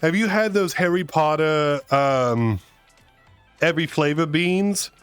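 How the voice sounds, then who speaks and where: A male streamer chats casually on a live stream, rambling and self-mocking. His voice sits a little high and sounds smooth and resonant. The sound is dry, with faint music underneath. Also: takes it slowly, a bit bright, no echo. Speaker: streamer host. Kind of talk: casual storytelling chat.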